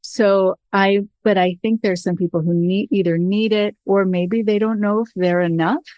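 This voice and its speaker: A woman's voice: mid-range voice, steady tone, moderate pace, dry recording, lo-fi sound. A woman, a podcast host and therapist, speaks frankly and conversationally with a touch of humor.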